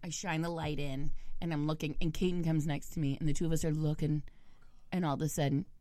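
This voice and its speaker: A woman in her thirties telling a family story in casual chat, laughing often and squeaking out other people's lines. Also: fast talker, dry recording. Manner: animated, acts out quotes in squeaky voices, laughs often.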